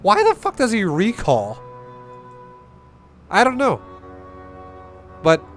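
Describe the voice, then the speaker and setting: A man's voice: sits high, huge pitch swings, takes it slowly, soft background music. A young man giving blunt, profane, rambling coaching on a game. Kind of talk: casual game coaching commentary.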